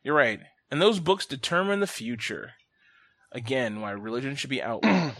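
A man hosting a casual podcast chat, ranting bluntly and profanely, his pitch and loudness swinging sharply as he gets worked up. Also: animated, normal speed, dry recording. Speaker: podcast host.

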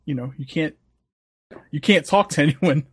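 Guy tossing in jokes, kinda high voice, dry sound. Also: normal speed, husky, dry recording. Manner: joking interjections. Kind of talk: casual chat.

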